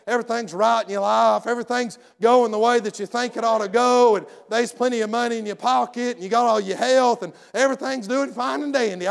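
High, gravelly preacher man. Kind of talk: folksy sermon.

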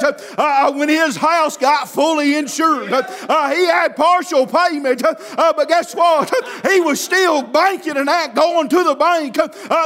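A man preaching a sermon with fervor, often shouting and filling his pauses with constant "uh, uh". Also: very high-pitched. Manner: fervent, often shouting, with constant "uh, uh" between phrases.

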